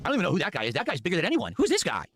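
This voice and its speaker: Running a commentary show, a high-voiced man reacts to clips in rapid-fire fashion. His delivery is mocking and animated, full of rambling asides.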